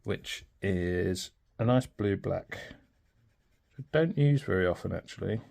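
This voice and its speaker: A man's voice: sits low, animated, a little slow, creaky, darkish tone. A man chatting informally and thinking aloud in a casual pen review.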